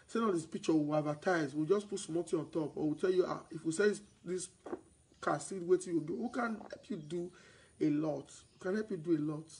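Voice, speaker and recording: The recording is low quality with a little hiss or hum, and the man's voice is a little high and fairly quick. Speaking with a Nigerian accent, he addresses viewers about real estate in a sales broadcast, slipping Pidgin into English. He becomes loud and excited, repeating himself as his energy builds.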